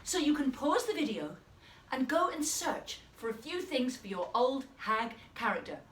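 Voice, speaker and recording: Animated woman teacher, roomy and distant. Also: sits high, moderate pace. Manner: playful, animated, encouraging. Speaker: dance and drama teacher. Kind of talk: children's drama lesson. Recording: roomy, distant mic, faint noise.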